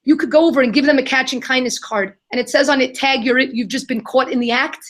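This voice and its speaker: Lively woman telling a story. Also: high voice, fast talker. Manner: animated, acts out quoted voices. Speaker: guest, kindness nonprofit founder. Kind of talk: storytelling in a live Q&A.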